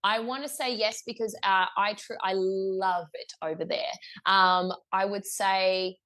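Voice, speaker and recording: A woman's voice: medium pitch, steady tone, a little slow, a bit bright. A young woman with an Australian accent, a guest musician telling a story in a casual interview, chatty, laughing often, with lots of fillers and restarts.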